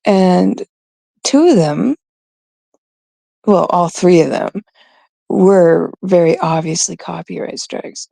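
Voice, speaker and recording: Woman, from Canada, streamer, gossipy and rambling, low dark husky voice. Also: takes it slowly, long pauses, no room sound. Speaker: streamer, host of her own show. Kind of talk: casual livestream chat.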